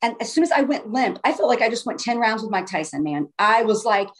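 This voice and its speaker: Woman, higher voice, casual first-person storyteller, earnest and emphatic, restarts phrases. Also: quick pace, hardly any pauses.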